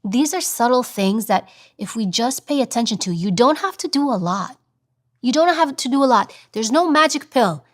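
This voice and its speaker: A woman as an interview guest giving conversational advice, emphatic and animated, often repeating a phrase for weight. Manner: animated, acts out examples in a high voice. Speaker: interview guest, former security agent.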